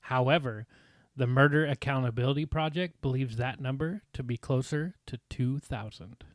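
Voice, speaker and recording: A man's voice: mid-range voice, normal speed, dry recording, studio quality. A man co-hosting a casual true crime podcast with laid-back, joking banter, recording in a small hotel room. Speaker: podcast co-host.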